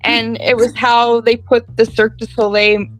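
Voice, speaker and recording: A woman co-hosting a casual stream chat, chatty and quick to laugh. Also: on the high side, flat delivery, low-quality recording. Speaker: podcast co-host. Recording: faint background music.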